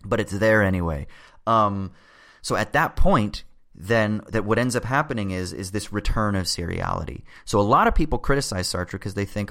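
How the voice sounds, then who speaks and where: A man's voice: fairly low pitch, animated, normal speed, gravelly, sharp tone. A man explaining philosophy in a casual podcast chat, swearing freely and checking in with "right?".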